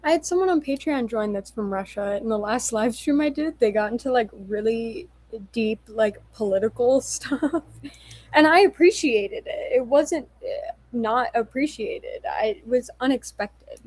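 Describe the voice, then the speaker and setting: Young woman streamer, a little tipsy, unhurried and giggly, dry close sound. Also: fairly high pitch, expressive, darkish tone, no echo, rough recording. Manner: giggly, apologetic, swears casually. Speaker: livestreamer. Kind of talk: casual livestream chat reading viewer comments.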